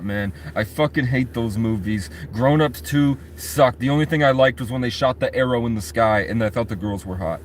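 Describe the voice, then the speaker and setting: A man's voice: mid-range voice, normal speed, hardly any pauses, a little hiss or hum. A man vlogging in casual, rambling chat, swearing freely and talking straight to his viewers. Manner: rambling, profane, talks to chat.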